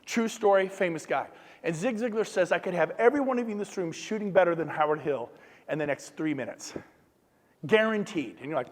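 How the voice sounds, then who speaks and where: A man giving a fired-up motivational talk to a live audience, punchy and shouting at his peaks. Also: high voice, expressive, brisk. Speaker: motivational speaker, real estate agent. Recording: long hall reverb.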